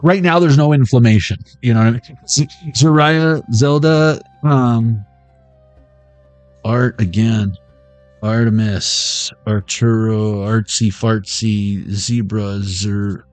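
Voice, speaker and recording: A man's voice: on the low side, slow, no room sound, soft background music. A man giving a casual, rambling intuitive tarot reading, free-associating words aloud and laughing often. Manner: rambling, word-associating, laughs often, sings snatches of old songs. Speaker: tarot reader.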